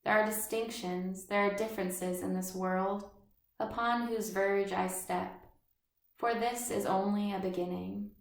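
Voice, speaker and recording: A woman reading the part of a precise, orderly, serious schoolboy in measured literary narration. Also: mid-range voice, steady tone, gravelly, echoey room. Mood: fastidious.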